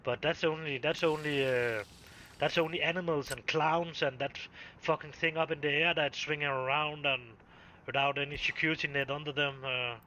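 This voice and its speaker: A man's voice: fairly high pitch, fairly even intonation, moderate pace, bright, forceful tone, a little hiss or hum. Man chatting on stream. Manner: hesitant, many fillers and restarts. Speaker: game streamer host. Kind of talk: casual chat while gaming.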